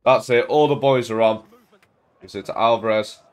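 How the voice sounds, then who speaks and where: Excitable young man commentating his football game. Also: mid-range voice, moderate pace. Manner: excitable, banter-filled, shouts at goals. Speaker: gaming YouTuber. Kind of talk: casual live commentary over a football game. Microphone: desk mic.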